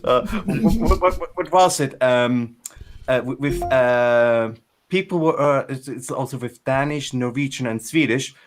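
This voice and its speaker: Halting man in casual chat. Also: mid-range voice. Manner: halting, repeats words while searching for them. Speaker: podcast co-host.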